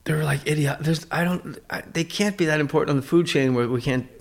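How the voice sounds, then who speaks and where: A man chatting as a guest on a podcast, rambling and joking, slipping into quick put-on voices. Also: a little high, vocal fry. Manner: rambling, jokey, acts out voices in quick asides. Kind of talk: casual chat.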